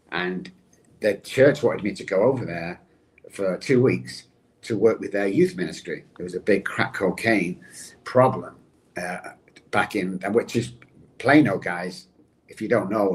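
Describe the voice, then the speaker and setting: A middle-aged man, a podcast guest and addiction recovery expert, telling his own story in an animated way and addressing the host by name. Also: on the low side, slight background noise. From England.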